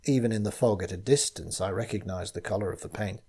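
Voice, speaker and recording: A man reading his own gothic mystery story aloud, in measured first-person narration. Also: fairly low pitch, darkish tone, breathy edge.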